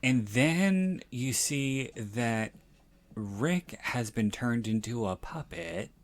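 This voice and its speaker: A man hosting a podcast, reviewing a horror episode in casual chat, sounding exasperated, skeptical and halting. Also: mid-range voice, animated, creaky. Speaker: podcast host.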